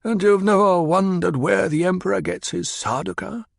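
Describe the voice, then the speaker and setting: A man's voice: sits high, fairly even intonation, moderate pace, gravelly, no echo, studio quality, voice pushed up, exaggerated voice. A man doing a cold, cutting old spymaster. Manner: clipped, cutting, coldly insistent.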